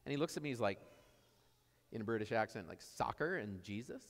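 A man's voice: on the low side, quick pace. A man preaching a sermon in a church, telling stories in a conversational way and repeating his key phrases. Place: church sanctuary. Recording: long church reverb.

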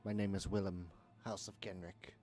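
Man doing a British-accented condemned prisoner, mock-solemn, lower voice. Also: level tone, moderate pace, dark tone, close to an everyday voice. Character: prisoner reading his last testament.

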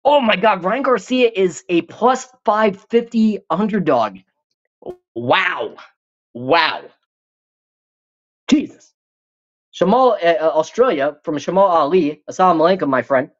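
A man runs a live stream and talks through viewer comments in a casual, rambling way. He swears freely and jokes constantly. His pitch leaps and swoops, and the audio is dull and lo-fi. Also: expressive, a little slow, long pauses. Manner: profane, rambling, joking and hyped.

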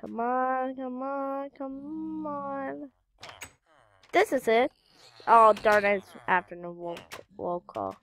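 A woman with a high, slightly bright voice speaks slowly as she hosts a gaming channel. She gives casual commentary on her gameplay, mutters to herself while searching, and exclaims often.

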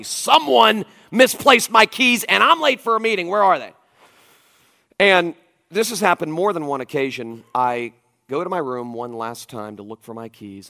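A man in his forties preaching a conference sermon, telling stories in an animated, emphatic way with frequent asides to the audience. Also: medium pitch. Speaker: pastor. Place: church auditorium.

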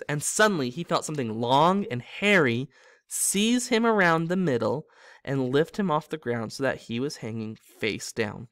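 A man's voice: medium pitch, fairly bright tone, no echo, clean studio sound. A man reading a novel aloud as a storyteller, with small slips that he corrects himself. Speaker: reader.

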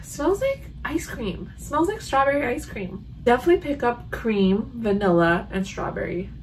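A chatty woman vlogging at home, reacting out loud as she sniffs and reviews candles. Her voice sits a little high, with a faint hiss of noise behind it. She talks in a loose, animated way. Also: moderate pace. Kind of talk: casual haul vlog. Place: home room.

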